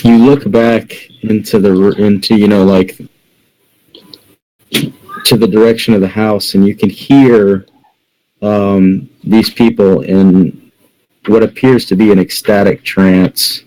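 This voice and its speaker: A man narrating a tabletop game as game master, calmly describing scenes to the players. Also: lowish voice, rough recording. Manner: unhurried, describes scenes in second person.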